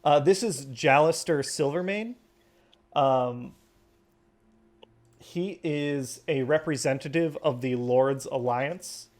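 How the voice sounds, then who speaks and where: Game master, male, halting delivery, a little high. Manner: hesitant, many ums and uhs. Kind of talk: narrating a tabletop game.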